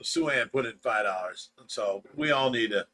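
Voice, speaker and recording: A man's voice: mid-range voice, lively intonation, normal speed, sharp tone. An older man co-hosting a casual livestream, teasing his son and laughing often. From United States. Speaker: livestream co-host.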